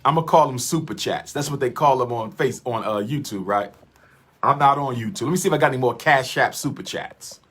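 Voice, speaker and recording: Husky man preaching on a livestream. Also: medium pitch, brisk, fairly bright tone. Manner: preacher-like, repeats lines for emphasis. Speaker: livestream host. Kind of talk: impassioned livestream lecture.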